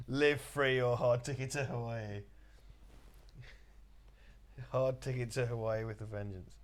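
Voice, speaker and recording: A man's voice: mid-range voice, fairly even intonation, moderate pace. A man co-hosting a casual livestream, joking and giggling as he riffs on a film. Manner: giggly, jokey, hums a spy theme jingle. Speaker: co-host riffing on a film.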